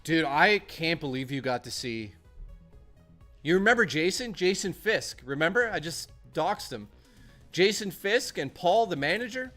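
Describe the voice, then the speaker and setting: A man's voice: fairly high pitch, animated, measured pace, a bit bright. Chatty streamer man, faint music. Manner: rambling, chatty, reads chat aloud. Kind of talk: casual live-stream chat.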